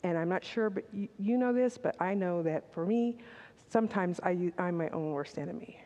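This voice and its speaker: A woman's voice: on the low side, normal speed, warm tone. An older woman giving a candid, conversational sermon, with personal asides and restarts. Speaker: speaker at a church service. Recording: long reverb in a large hall.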